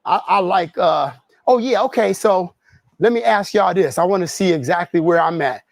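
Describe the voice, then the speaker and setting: A man's voice: sits high, moderate pace, gravelly, dry recording. A man on a treadmill livestreaming, telling stories in loose slang and laughing easily. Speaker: streamer. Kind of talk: casual livestream chat. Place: home garage gym on a treadmill.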